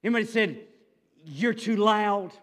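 A male pastor preaching a sermon, reading scripture slowly and then pressing his points with rising fervor. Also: high-pitched, a bit bright, big-room sound.

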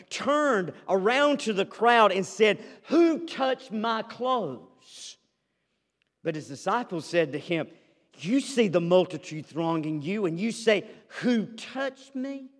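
A male pastor preaching a sermon, reading scripture slowly and then pressing his points with rising fervor. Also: high-pitched, big-room sound.

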